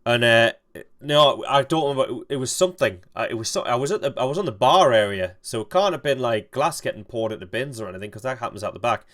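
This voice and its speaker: A man's voice: mid-range voice, expressive, fairly bright tone. Rambling, foul-mouthed young man streamer. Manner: rambling, halting, swears freely. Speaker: gaming streamer. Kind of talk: casual storytelling while playing.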